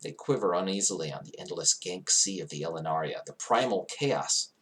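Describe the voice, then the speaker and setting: A man's voice: low voice, lively intonation, brisk, a bit bright. A man narrating a fantasy world in character as its guide, grandiose and digressive, swelling at times into emotional peaks.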